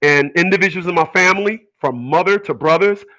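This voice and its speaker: A man's voice: sits high, brisk, sharp tone, rough recording. A man hosting his own show, talking in an emphatic, rambling monologue full of repetitions and stammered restarts. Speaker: radio show host. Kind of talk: casual monologue.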